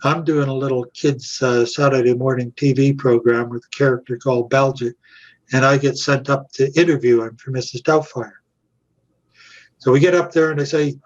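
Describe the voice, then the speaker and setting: An older man, an actor and puppeteer, telling anecdotes as an interview guest, animated and chuckling as he acts out quotes. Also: medium pitch, moderate pace, lo-fi sound.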